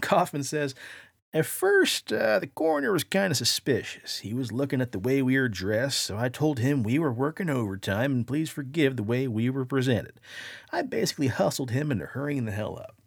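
A man hosting a podcast, spinning a dramatic first-person yarn with a gravelly, creaky edge and a voice that swoops up and down. He sounds close and dry on the mic, with no room around him. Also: mid-range voice, brisk, no room sound. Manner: animated, acts out quoted voices. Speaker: podcast host.

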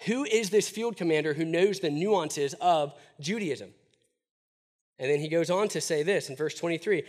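A man preaching a sermon in an animated, emphatic way, often asking his listeners rhetorical questions. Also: on the high side, moderate pace.

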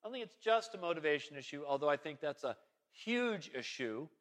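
A pastor with a high, bright voice tells a personal story from the pulpit. His talk is casual and self-deprecating, and it wanders through fillers and restarts before reaching its point. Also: big pitch swings, brisk. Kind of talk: storytelling sermon.

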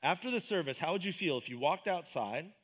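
A man's voice: fairly high pitch, expressive, quick pace, a bit bright, breathy edge. A man preaching a casual, enthusiastic sermon at a church service, asking the congregation questions. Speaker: pastor. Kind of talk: conversational sermon.

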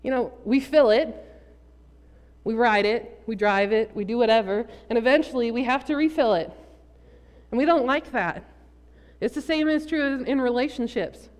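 A woman's voice: fairly high pitch, moderate pace, pauses often. A young woman giving a sermon, telling a funny personal story with jokey asides to the audience. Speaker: preacher. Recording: long reverb from a large hall.

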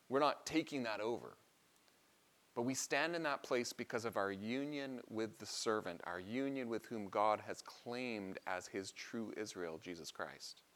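Male preacher, earnest sermon, mid-pitched voice, explanatory, emphatic rises. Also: a bit bright.

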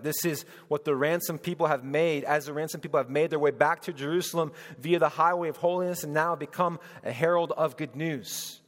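A man preaching a sermon as pastor, swinging between loud proclaiming and hushed, tender speech. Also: fairly high pitch, steady tone, a little fast. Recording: long hall reverb.

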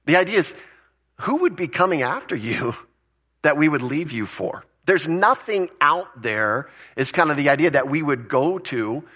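A man's voice: on the high side, lively intonation, normal speed, pushed and bright, slightly rough. A male pastor giving a conversational sermon, explaining word meanings and asking rhetorical questions, with the odd chuckle.

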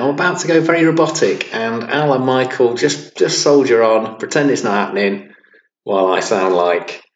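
A man recording a jokey, apologetic aside after editing, in a dull, roomy home recording. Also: on the low side. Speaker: podcast host. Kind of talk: recorded post-edit aside.

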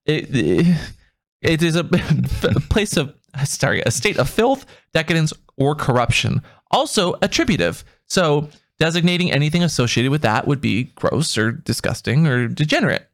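Playful, lively podcast host man. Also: on the high side, moderate pace. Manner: playful, teasing, laughs often. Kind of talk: casual podcast banter.

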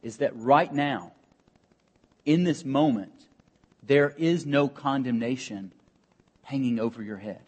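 Husky man preaching an earnest sermon. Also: medium pitch. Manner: earnest preaching with emphatic pauses and rising emphasis. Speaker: pastor.

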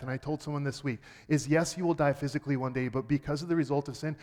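A man giving a sermon as a pastor, earnest, dropping quiet and then rising emphatic. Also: a little high, in a large hall.

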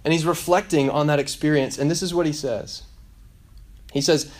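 A man in his thirties preaching a sermon, telling a story and acting out the quotes in softer voices. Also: on the high side, fairly even intonation, moderate pace. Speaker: pastor.

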